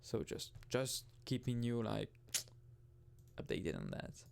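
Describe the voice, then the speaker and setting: A man's voice: mid-range voice, wildly swooping pitch, slow, creaky, a little mellow, a little hiss or hum. A young man giving rambling, casual gameplay commentary, often restarting and swearing casually. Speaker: gaming video host.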